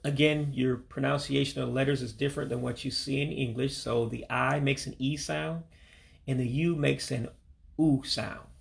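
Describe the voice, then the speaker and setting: Middle-aged male teacher with a heavy gravelly rasp who drills each word slowly and patiently. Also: medium pitch, fairly even intonation. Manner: slow, repeats each word for practice. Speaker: language learner teaching vocabulary. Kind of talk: casual spoken language lesson. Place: back room at home.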